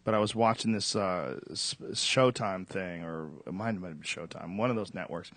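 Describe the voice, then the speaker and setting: A man talking as a comedian in casual chat, brash and profane, breaking into animated rants. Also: deep voice, moderate pace, no room sound.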